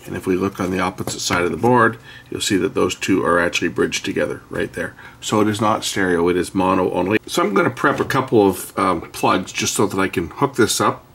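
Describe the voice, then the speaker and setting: A middle-aged man casually demonstrating an electronics board, relaxed and explanatory with frequent pauses and fillers. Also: deep voice, gravelly, a little hiss or hum. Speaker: electronics hobbyist channel host. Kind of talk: casual hands-on product demo.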